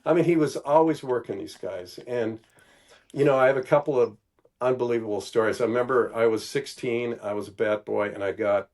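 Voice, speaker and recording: An older man from Milwaukee, telling stories as a podcast guest in an animated, casual way, peppered with "you know". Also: medium pitch, fairly quick. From Milwaukee, Wisconsin. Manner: animated, acts out quoted voices, many "you know"s. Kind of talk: casual storytelling.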